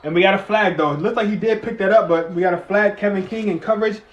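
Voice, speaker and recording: Live football play-by-play comes from a man who eats while he talks and flips between muttering and swearing loudly. His voice is high, his pace quick, and the echoey recording sounds dull.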